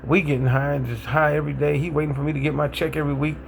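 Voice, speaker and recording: A middle-aged man casually telling his own recovery story with a Milwaukee accent, animated and acting out what people said. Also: rapid-fire, gravelly, slight background noise. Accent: Milwaukee, African American Vernacular English. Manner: animated, acts out quotes, rises to excited high pitch in tense moments.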